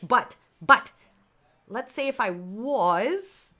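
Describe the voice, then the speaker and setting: A woman in her thirties chats casually with viewers on a live stream. She is animated and laughs often. She acts out her own thoughts in quoted bits. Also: on the high side, drawn-out words. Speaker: livestream host.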